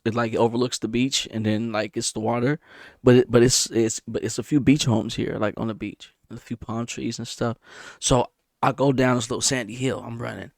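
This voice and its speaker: A man casually telling a story about a dream, animated and repetitive, punctuating it with sound effects. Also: gravelly, dry recording, studio quality. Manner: animated, repeats himself, sound effects like boom. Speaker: vlogger.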